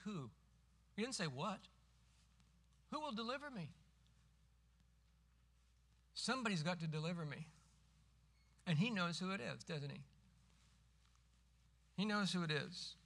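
A middle-aged man preaching a sermon as pastor, emphatic and rising to forceful cries when quoting scripture. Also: sits high.

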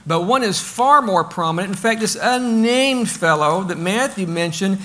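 A man preaching a sermon in a conversational, animated way, asking rhetorical questions and loudly acting out the crowd. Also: sits high, moderate pace. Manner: animated, acts out the crowd and shouts with sudden bursts. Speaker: pastor.

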